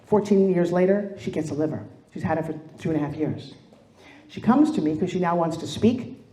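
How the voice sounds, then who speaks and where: Middle-aged female keynote speaker, animated storyteller, mellow tone, roomy echo. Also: fairly low pitch, brisk, a little hiss or hum. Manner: animated storytelling, acts out quoted voices. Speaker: motivational speaker. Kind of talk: motivational keynote speech. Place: stage in a large room.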